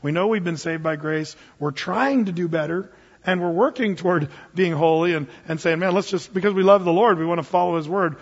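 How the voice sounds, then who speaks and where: A man with a high, husky voice preaches to his congregation in a loose, joking way, now and then driving a point home with force. The sound is muffled and carries a long reverb from the church hall. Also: fairly quick. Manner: conversational, joking preaching with sudden emphatic bursts. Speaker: pastor. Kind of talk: sermon. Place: church sanctuary.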